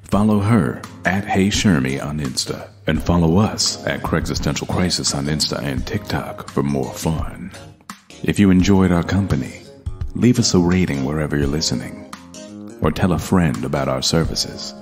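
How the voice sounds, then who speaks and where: A man reading a podcast outro in a steady, announcer-like way. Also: a bass voice, moderate pace. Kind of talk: scripted outro read. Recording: guitar music behind.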